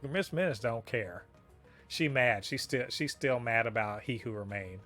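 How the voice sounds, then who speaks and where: A man's voice: medium pitch, a little slow, a bit bright, faint music behind. A man co-hosting a casual review podcast, talking animatedly and profanely, laughing often and exclaiming in disbelief. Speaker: podcast co-host reviewing a TV episode.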